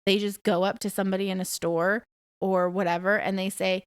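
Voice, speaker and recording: A woman in her thirties hosts a podcast by herself, speaking frankly, bluntly and with free swearing in a casual monologue. Her mid-range voice is brisk, clear and resonant, with little pitch movement. The studio sound is clean, with no room sound.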